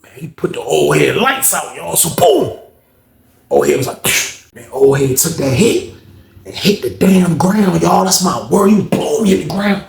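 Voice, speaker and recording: A man's voice: on the high side, unhurried, vocal fry. Slangy man telling a story, echoey room. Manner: animated, slangy, acts out quoted voices. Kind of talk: casual storytelling.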